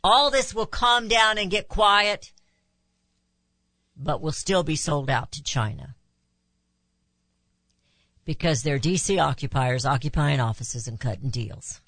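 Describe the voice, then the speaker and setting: A woman's voice: low-pitched, lively intonation, slow, pauses often, fairly bright tone, no echo. A woman hosting a talk radio show, delivering an impassioned opinion monologue full of rhetorical questions.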